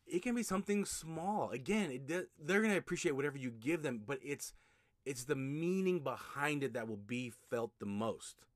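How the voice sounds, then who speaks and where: A man's voice: mid-range voice, animated, moderate pace, no room sound, studio quality. A man hosting a solo podcast, giving casual advice in a conversational way, often restarting his sentences. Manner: conversational, repeats himself, frequent restarts and fillers. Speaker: podcast host, notary signing agent.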